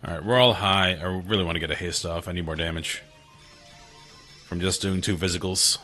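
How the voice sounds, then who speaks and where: A man's voice: deep voice, fairly even intonation, brisk, sharp tone, faint music behind. A man giving wry, joking let's-play commentary over a retro game. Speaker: gaming channel host.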